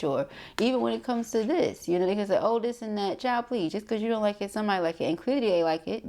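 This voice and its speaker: Sassy, blunt woman with a low voice. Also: mellow. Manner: sassy, blunt and slangy, often laughing. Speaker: tarot reader and spiritual coach. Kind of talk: casual chat to viewers.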